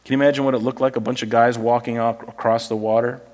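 A male pastor preaching a sermon in a conversational, animated storytelling way. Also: mid-range voice, fast.

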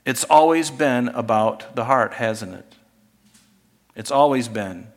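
A man preaching a sermon as pastor, conversational, dropping to hushed asides and rising to emphatic points. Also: mid-range voice, animated, slow pace. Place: church sanctuary. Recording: long hall reverb.

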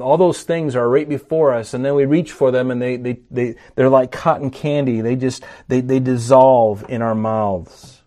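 Male pastor, mid pitch, teaching sermon, talky with restarts, lifts volume on scripture. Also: mellow. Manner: teaching, rising in force on scripture quotes; conversational with frequent fillers and restarts.

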